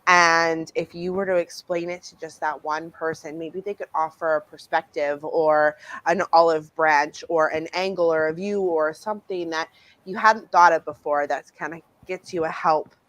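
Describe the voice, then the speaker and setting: A woman from Canada, an author, talking casually in an interview with animated delivery, laughing and acting out quoted voices. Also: deep voice, normal speed, low-quality recording. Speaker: author guest.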